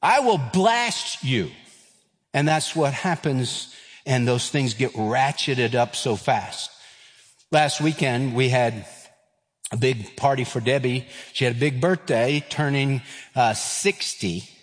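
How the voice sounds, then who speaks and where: A man's voice: mid-range voice, slow pace, long reverb tail. A man in his fifties, a pastor giving a sermon, telling a personal story with humor and acting out voices. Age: 50s. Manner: storytelling, acts out voices, self-deprecating humor.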